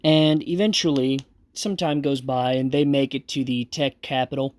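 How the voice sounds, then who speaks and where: A man's voice: mid-range voice, steady tone, normal speed, no echo. A man narrating a tabletop game as game master, in a casual, rambling way with many fillers.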